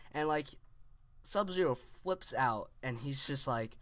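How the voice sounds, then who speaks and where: A man's voice: mid-range voice, lively intonation, slow pace, fairly bright tone, no room sound. A young man in his teens casually telling a story, rambling with lots of "like" and restarts.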